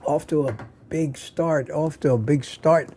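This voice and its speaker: A man's voice: on the high side, unhurried, mellow, slight background noise. A man hosting a casual evening livestream, chatting and greeting viewers by name with small jokes. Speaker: livestream host.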